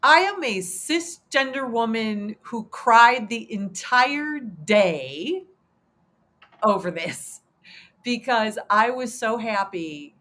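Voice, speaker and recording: A woman's voice: on the high side, lively intonation, takes it slowly, pushed and bright. A woman in her fifties hosting a casual livestream chat, talking in an emotional, rambling way with many restarts and fillers. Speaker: host.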